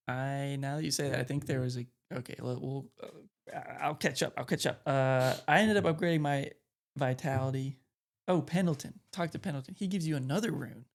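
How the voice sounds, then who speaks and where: Co-hosting a podcast, a man rambles loosely and conversationally through a video game recap. His medium-pitched voice is creaky and brisk.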